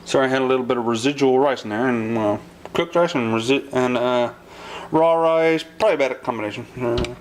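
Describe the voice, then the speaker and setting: Brisk and mid-range in voice, a man rambles through a casual home cooking video in his kitchen, with frequent fillers and restarts. The recording is noisy, with the clatter of dishes and cutlery in the background.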